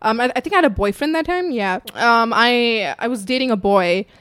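A woman's voice: fairly high pitch, animated, a little fast, fairly bright tone, clear, resonant tone, dry recording. A young woman hosting a podcast, telling stories in a blunt, profane, laughing way. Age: young adult. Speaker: podcast host. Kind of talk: casual podcast chat.

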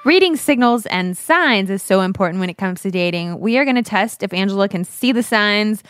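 A woman's voice: mid-range voice, expressive, fairly quick, fairly bright tone, clean tone, no room sound. A woman co-hosting a casual dating podcast, talking in a chatty way full of "like". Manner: chatty, lots of "like". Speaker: podcast co-host.

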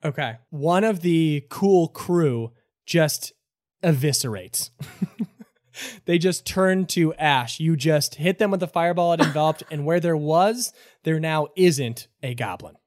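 A man's voice: a little high, measured pace, darkish tone, no echo, studio quality. A man narrating as game master in a tabletop role-playing game, loose and full of fillers.

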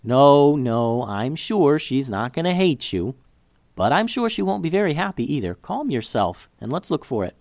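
A man's voice: mid-range voice, sing-song, normal speed, darkish tone, no echo. A man voicing a kind, motherly woman who is hosting a party, speaking in a soothing, caring way.

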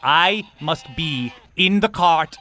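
A man's voice: fairly high pitch, animated, slow, pushed and bright, heavily acted. A pompous showman guards his menagerie cart, haughty and formal, with a voice that rises and falls, as a man puts him on. He is fussy and a little theatrical. He sounds like a character in a tabletop game.

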